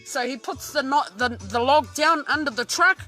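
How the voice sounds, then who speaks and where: A woman's voice: high-pitched, moderate pace, bright, forceful tone, soft background music. An Australian woman telling a story casually, swearing constantly and restarting her sentences often. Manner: heavy swearing, rambling with many restarts. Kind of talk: casual true-crime storytelling.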